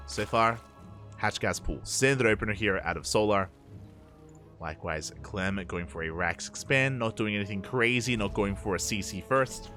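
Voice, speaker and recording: A man's voice: lowish voice, normal speed, pushed and bright, soft background music. An Australian man casting a live esports match, chatty and loose, laughing often between play-by-play. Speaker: esports caster.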